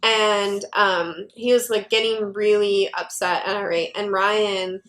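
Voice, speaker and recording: A woman's voice: medium pitch, takes it slowly, poor audio. Woman telling a store story, filler-heavy. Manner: animated anecdote with many "like" fillers. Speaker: game store worker. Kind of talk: casual storytelling chat.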